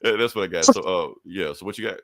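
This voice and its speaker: A man co-hosting a podcast, recapping a comic book in a casual, profane, animated way. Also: low-pitched, brisk. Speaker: podcast co-host.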